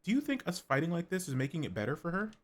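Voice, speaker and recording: Casting: a man playing a strained, scolding grandmother, voice pushed up high and a bit loud, game music under it. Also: sing-song, rapid-fire. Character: stern grandmother scolding her grown daughter.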